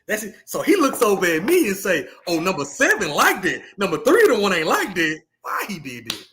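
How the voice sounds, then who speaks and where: A man, a podcast co-host and youth football coach, telling a story in animated, casual talk with lots of repeated words. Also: high voice, a little fast, a little hiss or hum.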